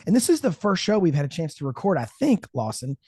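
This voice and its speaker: A man hosting a faith-based fathering podcast, chatting with his co-host in an energetic, enthusiastic way, sometimes slipping into a radio announcer voice. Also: a little high, fast, slightly rough, dry recording, studio quality. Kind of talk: casual podcast chat with ad read.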